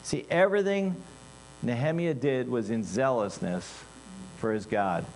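A man preaching a sermon in an animated way, dropping into quiet asides and rising into loud, emphatic bursts. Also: mid-range voice, measured pace, a little hiss or hum.

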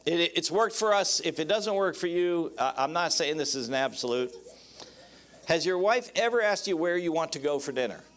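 Male pastor, sermon, folksy, joking, higher voice, calls for amens. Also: expressive, normal speed, fairly bright tone. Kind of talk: sermon on marriage.

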